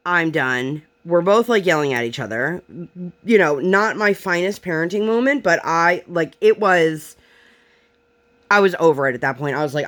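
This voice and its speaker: A woman's voice: low-pitched, lively intonation, moderate pace, a bit bright. A young woman, a mother from Pennsylvania, chatting casually about her day, retelling it with frustration and lots of fillers. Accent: Pennsylvania American. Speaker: vlogger and mother. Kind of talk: casual storytelling chat while crafting. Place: home craft table.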